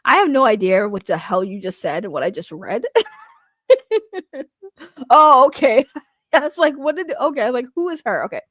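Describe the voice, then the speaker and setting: A woman's voice: a little high, very animated, a little slow, pauses often, a bit bright, dry recording, studio quality. A woman doing casual, comedic commentary, giggling often between remarks. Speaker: commentary YouTuber.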